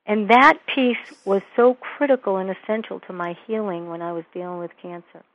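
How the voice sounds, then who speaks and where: A woman guest in a conversation tells a personal story earnestly and acts out the people she quotes. Her voice sits at a middle pitch. It comes through a narrow, tinny line, like a phone call. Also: normal speed, no echo. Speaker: guest, minister and author. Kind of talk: interview conversation.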